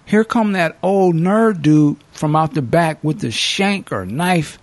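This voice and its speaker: A male podcast host casually recapping a movie as an animated storyteller who acts out the characters. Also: a little high, takes it slowly, dry recording.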